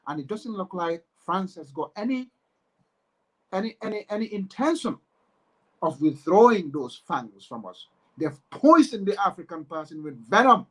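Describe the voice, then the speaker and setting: A man's voice: a little high, fairly bright tone, husky, rough recording. A man with a Gambian accent giving an emphatic, impassioned political monologue, repeating phrases as his anger builds. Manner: emphatic, repetitive, rising to anger. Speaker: political commentator.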